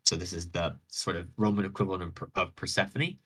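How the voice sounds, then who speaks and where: A man's voice: low-pitched, fast talker, hardly any pauses, pushed and bright, husky, poor audio. A man hosting a radio show, retelling a myth in a rambling, slangy way with many restarts over online voice chat. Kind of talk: casual storytelling retelling of a myth.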